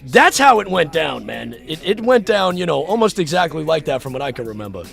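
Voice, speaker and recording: A man livestreaming, telling a story in a casual, animated way with swearing and laughing asides. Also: fairly high pitch, a little fast, gravelly, soft background music.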